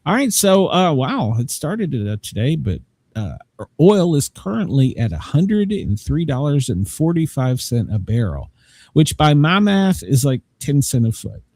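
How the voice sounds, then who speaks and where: Lively joking male podcast host. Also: a little high, a little slow, no room sound. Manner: joking, rambling, laughs often. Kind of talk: casual chat.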